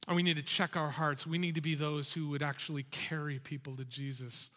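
Preacher guy, high bright voice, urgent and animated, big churchy echo. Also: fairly quick. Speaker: pastor. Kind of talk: sermon. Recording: reverberant hall.

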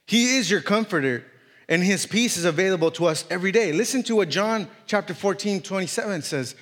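A man's voice: high voice, expressive, a little fast, a bit bright. A man with an accent preaching a sermon, reading scripture and then driving his points home with repetition. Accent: non-native English. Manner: reads scripture aloud, then preaches with repetition and rising emphasis; jokes self-consciously about his accent. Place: church hall. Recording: long hall reverb.

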